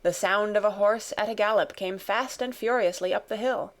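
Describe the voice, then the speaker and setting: A woman reads a classic novel as an audiobook, her medium-pitched voice steady and measured as she tells the story.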